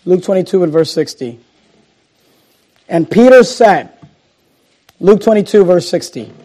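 A male pastor preaching a sermon and reading scripture, moving between loud emphasis and hushed, slowed lines. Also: high voice, expressive. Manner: dramatic swings between loud emphasis and hushed, slow delivery.

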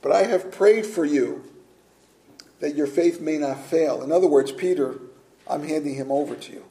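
Male pastor, sermon, earnest rhetorical questions, mellow slightly high voice, roomy church echo. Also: normal speed.

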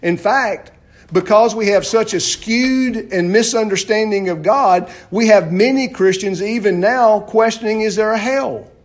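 A man with a high voice preaches a sermon to his congregation. He asks rhetorical questions and often drops suddenly into a quiet voice. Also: measured pace. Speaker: pastor.

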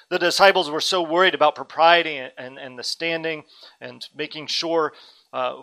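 Male pastor, thirties, earnest dynamic preacher, crisp bright tone. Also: on the high side, poor audio. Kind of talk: sermon.

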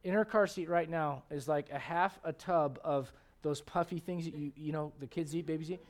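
A man in his thirties, a pastor preaching a lively, conversational sermon with frequent restarts. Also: a little high, normal speed.

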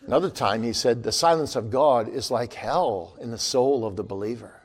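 A man preaching a sermon to children and adults, with a dramatic delivery that swings between loud and hushed. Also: moderate pace, slightly rough. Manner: dramatic, wide swings in loudness and pitch.

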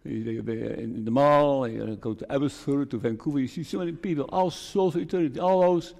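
A man's voice: mid-range voice, a little fast, creaky, a little mellow. A man, preaching a farewell sermon as a pastor, earnest and repeating phrases for emphasis. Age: 60s. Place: church sanctuary. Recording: long church reverb.

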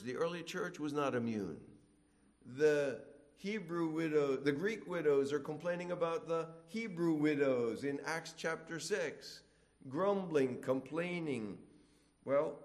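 Preacher, middle-aged man, unhurried delivery, animated and playful when mimicking complainers. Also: fairly high pitch. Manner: animated, acts out grumblers in whiny voices. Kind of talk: sermon.

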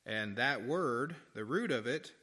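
A man delivers a sermon with a bright, forceful voice. He reads scripture slowly and then explains it in an earnest tone. He leans on key words and asks rhetorical questions. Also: mid-range voice, lively intonation, breathy edge. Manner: earnest preaching with slow emphatic stresses and rhetorical questions. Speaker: preacher.

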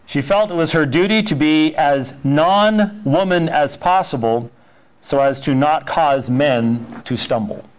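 A man's voice: a little high, unhurried. A man teaching a Sunday school church history class in an emphatic, conversational way, often repeating words.

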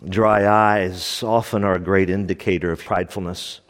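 A man's voice: deep voice, steady tone, moderate pace, long reverb tail. A man preaching a sermon as pastor, emphatic and repeating his key lines for stress.

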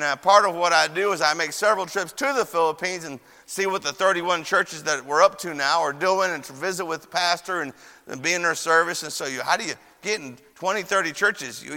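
A young male preacher with a bright, forceful voice, spinning folksy stories with lots of uhs. His voice carries a gravelly edge and rings with long reverb, the way a chapel sounds. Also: fairly high pitch. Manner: folksy storyteller with many fillers and quoted voices. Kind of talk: sermon with storytelling. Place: church chapel.

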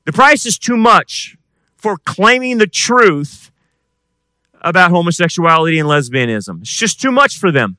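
Male pastor, sermon delivery, higher voice, loud-to-hushed swings. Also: sing-song, measured pace, no echo. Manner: preaching with swings from loud emphatic to quiet intense.

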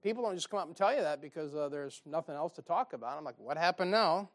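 A male pastor delivers a sermon in a fairly high voice. He tells folksy stories and slips in dry, sarcastic asides. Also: animated, quick pace.

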